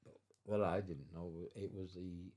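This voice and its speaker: Here a veteran in his nineties tells his life story at home for an interview, drifting, repeating, restarting, and chuckling as he recalls things. He speaks a little slowly in a low, steady, mellow voice.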